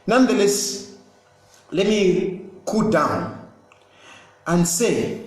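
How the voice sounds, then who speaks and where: Emphatic high-voiced man, echoey room. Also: lively intonation, measured pace. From Zambia. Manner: insistent, repetitive, emphatic. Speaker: politician. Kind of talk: impassioned political statement.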